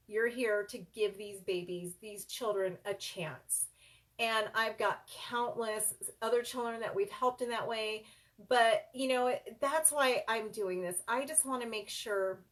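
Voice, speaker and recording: A middle-aged woman, a child care business coach and center owner, earnestly telling a personal story straight to her viewers, calling them "you guys.". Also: mid-range voice.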